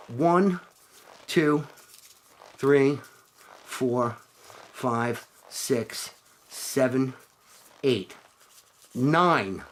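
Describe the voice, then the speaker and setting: A man's voice: medium pitch, slight background noise. A middle-aged man rambling and ranting profanely to camera in a casual vlog, sometimes mocking others in put-on voices. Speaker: vlogger.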